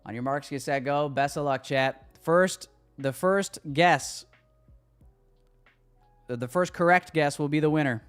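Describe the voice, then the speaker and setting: A man's voice: a little high, unhurried, long pauses, clean tone, faint music behind. A man hosting a live trading stream, chatting casually with viewers, loose and hyped, swearing now and then.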